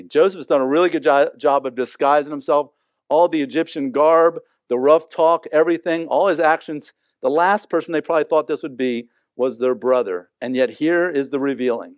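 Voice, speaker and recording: A man's voice: a little high, no room sound. A man teaching a Bible passage in an earnest, conversational way, often asking listeners to imagine the scene. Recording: dry, slightly dull lo-fi sound.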